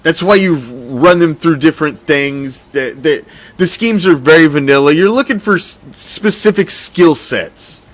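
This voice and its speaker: A man hosting a casual sports commentary show, talking in an animated, profane, rambling way. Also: a little high, a little slow. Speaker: host.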